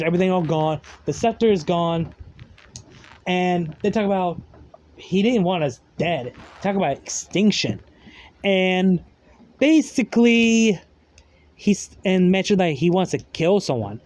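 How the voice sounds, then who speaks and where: A man's voice: high-pitched, a little mellow. A man casually retelling a fan story in a rambling way, full of fillers and loose grammar.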